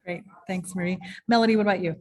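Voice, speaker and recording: A woman's voice: fairly low pitch, steady tone, quick pace, darkish tone. A woman moderating an online panel over a video call, chatty with many ums and restarts.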